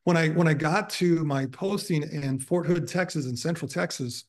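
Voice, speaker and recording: A man's voice: on the high side, moderate pace. A man in his sixties giving a guest lecture, telling long self-deprecating stories with many fillers. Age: 60s. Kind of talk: anecdotal lecture storytelling. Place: university lecture room.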